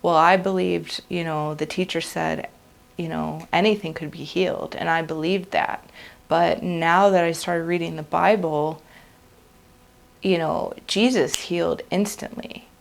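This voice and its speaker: Slow, gravelly-voiced woman sharing a testimony. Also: fairly low pitch, steady tone. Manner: earnest, confessional, heartfelt. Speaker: vlogger sharing a religious testimony. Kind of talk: personal testimony, unscripted.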